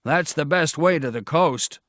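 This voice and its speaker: A man voicing a stubborn, forceful father in a storybook reading, speaking emphatically and commandingly. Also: on the high side, measured pace, no room sound, voice pushed up. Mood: emphatic.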